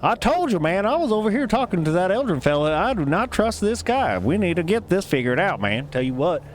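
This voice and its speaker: A man's voice: high voice, very animated, a little fast, slight background noise, voice pushed up. A man doing a drawling halfling barfly. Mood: suspicious. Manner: drawling, casual, says "man" a lot. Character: laid-back male halfling tavern patron.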